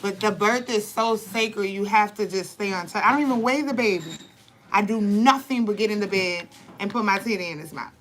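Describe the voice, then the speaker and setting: A young woman telling birth stories and giving advice in blunt, profane, animated casual talk. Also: medium pitch, a little fast, slight background noise, rough recording. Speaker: vlogger, birth advocate. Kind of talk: candid casual talk to camera.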